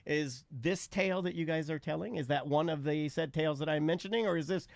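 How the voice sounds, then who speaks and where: A man's voice: on the high side, brisk, vocal fry, no room sound. An American man co-hosting a live radio talk show, joking and rambling with guests. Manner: jokey, rambling, interrupts. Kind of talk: casual live radio chat. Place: radio studio.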